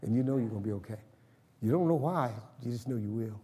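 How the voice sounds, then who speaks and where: A man's voice: medium pitch, expressive, quick pace, dark tone, breathy edge, in a large hall. A man preaching a sermon, emphatic and calling for responses from the congregation. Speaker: pastor.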